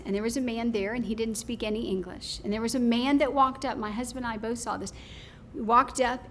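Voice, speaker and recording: A woman giving public comment at a county meeting, telling a story in a rambling, animated way with many fillers. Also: on the high side, a little hiss or hum.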